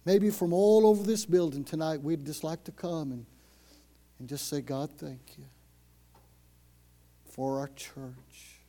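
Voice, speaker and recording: A man preaching a sermon as pastor, telling a story and leading prayer, going from loud, urgent passages to hushed whispers. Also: fairly high pitch, slow pace, long pauses. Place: church.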